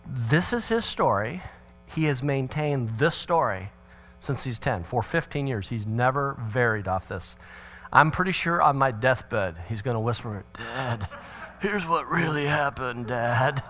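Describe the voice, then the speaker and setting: A middle-aged man giving a parenting talk tells a funny family story in a mid-range, unhurried voice, with faint music in the background. He is animated, acting out family dialogue with big vocal swings and adding humorous, sarcastic asides.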